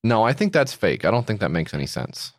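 A man's voice: on the low side, big pitch swings, a little fast, dry recording, clean studio sound. A man co-hosting a podcast in casual comedy chat, joking, swearing casually and playing mock-indignant. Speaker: podcast co-host.

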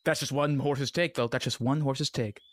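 A man's voice: mid-range voice, fairly even intonation, moderate pace, dry recording, natural voice. A man playing a horse who serves as the queen's advisor. He rambles and stammers in an improvised comedy play. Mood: scheming.

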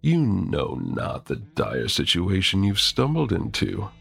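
A man voicing a smooth, condescending male villain who speaks slowly and smugly in an audio story. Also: sits low, faint music behind, heavily acted. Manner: slow, smug, calm.

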